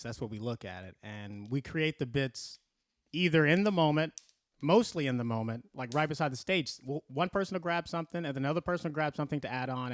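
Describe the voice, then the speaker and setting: A man on a comedy podcast, telling stories in a relaxed way and quoting what others said. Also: medium pitch, smooth, no room sound. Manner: relaxed storytelling, quotes others. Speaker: comedian guest. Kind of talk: casual podcast chat.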